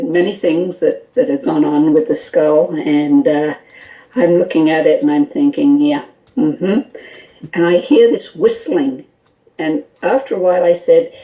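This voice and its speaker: A woman guest on a call-in radio show, telling an animated story full of quoted dialogue and small laughs. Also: low-pitched, muffled recording. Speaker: guest, skull interpreter.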